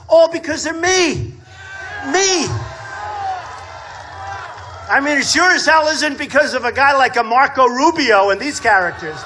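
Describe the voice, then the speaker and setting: A man in his sixties giving a campaign rally speech outdoors, boastful and repetitive, often shouting. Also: very high voice. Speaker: political candidate. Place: outdoor state fair rally.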